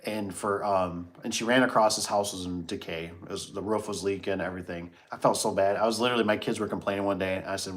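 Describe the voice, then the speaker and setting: A man's voice: deep voice, quick pace, a bit bright. A middle-aged man hosting a casual livestream, telling a story and reading chat comments, acting out his own reactions.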